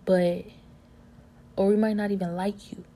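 A woman telling a personal story in a casual, earnest way, with loose informal grammar, often dropping to a soft whisper. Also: medium pitch, level tone, a little slow.

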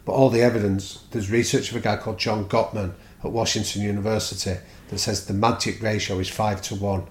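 Animated man in a roomy echo. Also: lowish voice, a little fast, a little hiss or hum. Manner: animated storyteller, acts out quoted exchanges. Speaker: guest speaker on culture and leadership. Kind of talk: podcast conversation.

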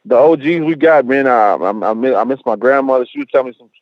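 A man's voice: mid-range voice, fast, dry recording, phone-quality sound. A man speaking as a rapper guest in a casual interview, slangy and profane, leaning on "bro" and "you know what I'm saying," and mixing in Spanish phrases.

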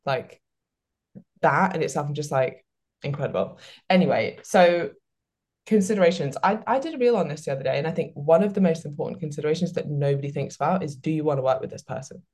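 Chatty low-voiced woman. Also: expressive, fast, a little mellow. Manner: chatty, lots of "like" fillers. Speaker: podcast host. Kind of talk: casual chat, reading listener questions.

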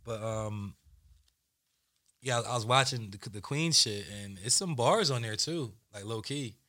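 A man's voice: medium pitch, unhurried, pushed and bright, no room sound, studio quality. A young man hosting a podcast in loose, joking chat full of slang and laughter. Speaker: podcast host. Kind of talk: casual podcast banter.

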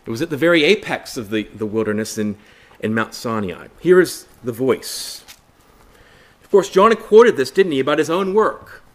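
A man's voice: medium pitch, animated, normal speed. A man preaching a Bible study sermon in an earnest way, asking rhetorical questions, repeating phrases and calling listeners brothers and sisters.

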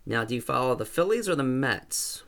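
Guy putting on a gruff old ranch man, blunt and teasing, a bit higher and louder than the narrator. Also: big pitch swings, a little fast. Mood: folksy. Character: folksy older male Wyoming rancher, blunt and joking.

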